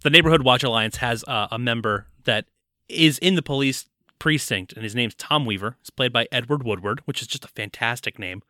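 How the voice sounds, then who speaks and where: Male podcast co-host, eager plot-recapper, crisp bright tone, dry close mic. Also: mid-range voice, a little fast, no echo. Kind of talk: casual movie review chat.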